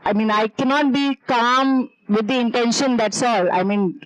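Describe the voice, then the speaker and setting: A woman's voice: fairly high pitch, moderate pace, low-quality recording. A woman with an Indian English accent in a workshop audience, asking questions hesitantly. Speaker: workshop participant.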